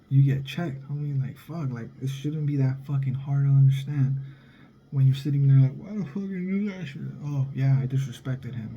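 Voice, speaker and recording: A man's voice: mid-range voice, dark tone, a little hiss or hum, low-quality recording. A young adult man and father, talking in a blunt, heated, profane casual monologue. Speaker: vlogger, father.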